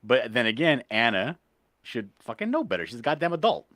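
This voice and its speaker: A man's voice: medium pitch, very animated, a little fast, a bit bright, dry recording, studio quality. A man hosting a livestream chat, speaking bluntly and cursing often as he rants. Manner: profane, blunt, ranting. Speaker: livestream host. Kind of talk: heated casual chat.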